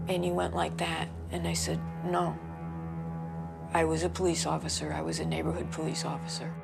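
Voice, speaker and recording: A woman's voice: deep voice, little pitch movement, moderate pace, vocal fry. A middle-aged American woman giving documentary interview testimony, recounting events in an earnest, distressed way. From United States. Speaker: interviewee, mother of a missing son. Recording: music bed under the voice.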